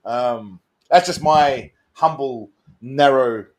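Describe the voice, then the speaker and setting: An Australian man co-hosting a livestream show speaks slowly in a medium-pitched voice. The chat is casual, and he rambles, repeats himself and laughs a lot.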